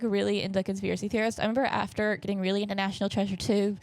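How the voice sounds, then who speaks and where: A woman's voice: mid-range voice, steady tone, quick pace, hardly any pauses, a little mellow, dry recording. Rambling young woman podcast host. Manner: rambling, self-correcting, jokey storytelling. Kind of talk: casual chat.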